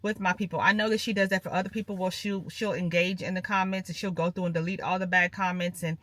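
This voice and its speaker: A woman's voice: on the low side, steady tone, fast talker, a bit bright, no room sound. A woman chatting casually to her viewers from her parked car, rambling and calling them "girl" and "y'all". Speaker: lifestyle vlogger.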